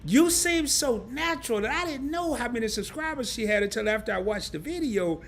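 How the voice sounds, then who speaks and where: A man's voice: very high voice, animated, a little fast, fairly bright tone, a little hiss or hum. A man hosting a casual live-stream interview, chatting and reading viewer comments aloud.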